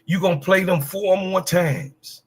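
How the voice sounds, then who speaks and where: A middle-aged man hosts a sports talk stream and rants hard. His voice is a little husky and sits on the high side for a man. He talks bluntly, swears freely and calls out to his chat. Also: unhurried. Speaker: sports show host. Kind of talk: heated livestream rant.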